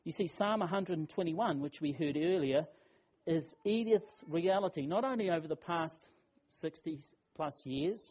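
A man preaches a funeral sermon with a slightly high yet mellow, husky voice. He tells the story earnestly and leans on rhetorical questions. The recording sounds dull and lo-fi. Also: normal speed. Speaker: pastor.

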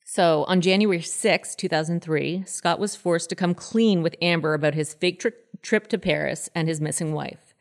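A woman in her thirties with a low voice tells a true-crime case to her co-host in a casual, chatty way. She is animated and lifts her voice when she acts out what people said. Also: moderate pace, gravelly. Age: 30s. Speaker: podcast host.

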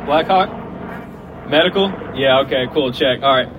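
A man's voice: mid-range voice, normal speed, dull audio. Guy preaching outside, jokey and casual, stumbles over words, faint background hum. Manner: casual and joking, repeats and restarts words. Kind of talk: outdoor sermon. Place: outdoors at a festival. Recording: outdoor recording, faint hum and passing vehicles.

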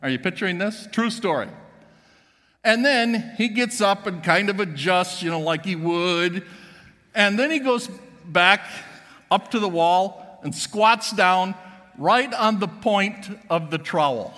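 A pastor tells jokey stories from the pulpit in a high, ringing voice. The bright tone has an edge, and his words echo through a large church sanctuary with a long reverb tail. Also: expressive, measured pace. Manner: joking storytelling to the congregation. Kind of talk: sermon.

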